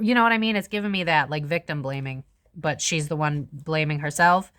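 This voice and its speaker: A young woman talks through a tarot spread to her viewers in a loose, chatty way, cursing casually as she goes. Her voice sits a little low for a woman. The sound is dry and close, with no room echo. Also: brisk, clean tone. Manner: chatty, swears freely, animated. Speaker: tarot reader host. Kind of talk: casual tarot reading to camera.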